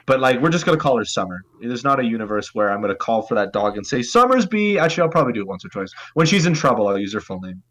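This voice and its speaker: A man's voice: on the low side, animated, fast talker, few pauses. A young man co-hosting a casual podcast, rambling with lots of likes and restarts. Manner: rambling, many fillers and restarts. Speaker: podcast co-host. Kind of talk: casual group chat.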